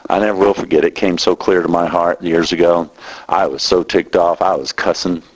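Delivering a sermon, this middle-aged minister grows more and more impassioned, and his voice rises in pitch at emotional moments. His intonation stays fairly even at a normal speed, captured on a low-quality recording.

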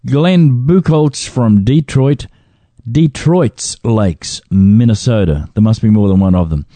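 A man's voice: mid-range voice, slow, mellow, no room sound. A man co-hosting a ministry radio show, reading a list of donors and joking as he stumbles over names.

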